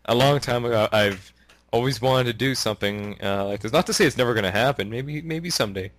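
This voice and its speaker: A man's voice: medium pitch, a little fast, fairly bright tone, a little hiss or hum. A man from Canada hosting a casual podcast, rambling with many fillers and frequent laughs. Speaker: podcast host.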